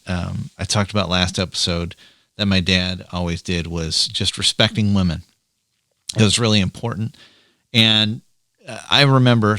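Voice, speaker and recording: A man's voice: on the low side, pushed and bright, no echo, clean studio sound. A man hosting a podcast, a chatty storyteller talking casually about fatherhood. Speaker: podcast host, father of three girls. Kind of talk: casual chat.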